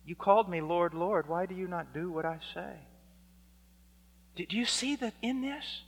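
A man preaching a fiery sermon, dropping to a hush and then rising to shouts as he acts out exchanges. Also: high voice, moderate pace, creaky. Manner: swings from hushed to shouting, acts out dialogues. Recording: long hall reverb.

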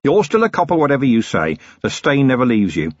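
A man reading the part of a stern, middle-aged police commander who talks in a quietly threatening, clipped and ironic way. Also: medium pitch, huge pitch swings, fairly quick, no room sound, muffled recording, pitched above the performer's own voice. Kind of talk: audiobook character reading.

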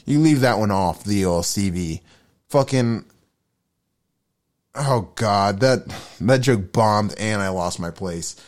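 A man's voice: on the low side, expressive, slow, pauses often. A young man hosting a solo podcast, rambling through his opinions with frequent swearing and self-deprecating asides. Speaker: podcast host.

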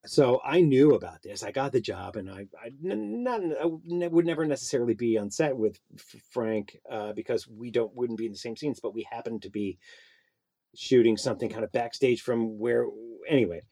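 A middle-aged man, an actor and puppeteer, telling a story as a guest in a casual interview and acting out the people in it. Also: a little fast. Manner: animated storyteller, acts out voices with big pitch jumps.

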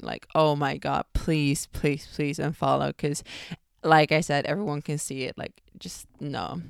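A woman's voice: deep voice, creaky, clean tone, dry recording, clean studio sound. A young American woman hosting a podcast, chatting bluntly and casually and swearing freely. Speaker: podcast host. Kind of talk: casual chat.

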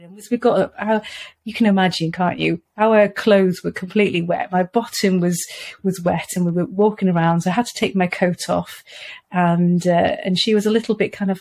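A woman's voice: on the low side, steady tone, fairly quick. A woman from Wales, a podcast guest, telling family stories in a conversational way with frequent restarts. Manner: warm storytelling, many restarts. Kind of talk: casual conversation.

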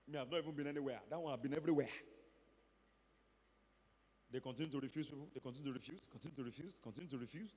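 A man's voice: mid-range voice, very fast, long pauses, breathy edge, big-room sound. A Nigerian man preaching as a pastor, telling a testimony and acting out the dialogue as he goes. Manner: animated storyteller acting out dialogue. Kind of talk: sermon testimony.

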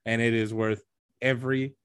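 A man's voice: medium pitch, flat delivery, clear, resonant tone, no room sound. Chatty man recommending shows, dry mic. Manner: enthusiastic recommender, halting restarts. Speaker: podcast co-host. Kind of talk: casual chat.

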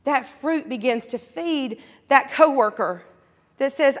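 A woman's voice: high voice, takes it slowly, in a large hall. A woman preaching a sermon, calling out to the congregation and acting out imagined prayers and voices. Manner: emphatic call-and-response, quoting imagined prayers and voices.

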